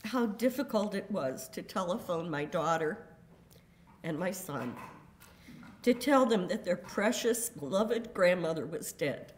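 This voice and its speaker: An older woman reading a prepared statement in a courtroom, grave and deliberate, with measured emphasis on each word. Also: on the low side, animated, a little hiss or hum. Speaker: victim's daughter giving a statement.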